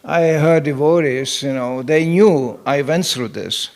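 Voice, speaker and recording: A middle-aged man, a temple president, giving a humorous scripture lecture in a temple hall as an animated storyteller who acts out the voices he quotes. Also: a little high, measured pace.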